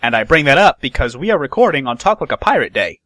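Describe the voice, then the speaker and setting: A man's voice: medium pitch, sing-song, quick pace, a bit bright, no room sound, low-quality recording. A man hosting a podcast, chatting casually about game news and often restarting his sentences. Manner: rambling, many restarts and fillers. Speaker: podcast host. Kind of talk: casual gaming news chat.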